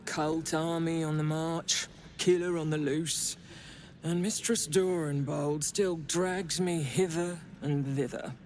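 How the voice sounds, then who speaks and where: A man's voice: fairly high pitch, steady tone, slow pace, darkish tone, a little hiss or hum. An actor playing a complaining male bodyguard in game dialogue, heard from a distance. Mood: grumbling.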